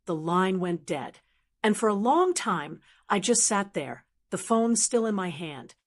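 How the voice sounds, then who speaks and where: A woman in her sixties telling a first-person story in a steady, measured scripted narration. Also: mid-range voice. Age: 60s.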